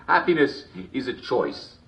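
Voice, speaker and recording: A man's voice: mid-range voice, vocal fry, fairly bright tone, exaggerated voice. An actor playing a jolly TV show host, chuckling constantly between lines in chummy showman patter. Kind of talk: video game character performance.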